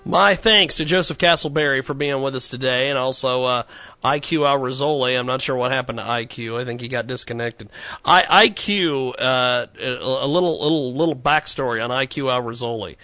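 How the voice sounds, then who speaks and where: A man's voice: medium pitch, moderate pace, sharp tone, dry recording. A man hosting a casual studio talk show, rambling with stammered repeats and frequent laughter. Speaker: radio show host.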